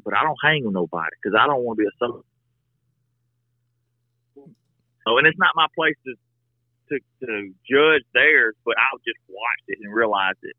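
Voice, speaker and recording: A man's voice: mid-range voice, animated, normal speed, long pauses, no room sound. A man telling stories earnestly in a folksy, rambling way as a podcast guest. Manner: earnest, folksy, talks in restarts. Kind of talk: casual storytelling conversation. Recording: tinny phone-like line, dry.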